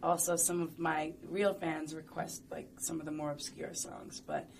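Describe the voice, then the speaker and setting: A woman's voice: low-pitched, level tone, moderate pace, vocal fry, darkish tone, a little hiss or hum. A woman talking casually and playfully in an interview, rambling and chatty with lots of fillers.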